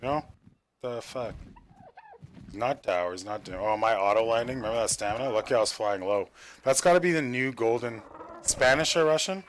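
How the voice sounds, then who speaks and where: A man's voice: medium pitch, a little fast, slight background noise. A young man from Canada chatting casually while streaming a game as server admin, rambling with filler and casual swearing. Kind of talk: casual gameplay stream chat.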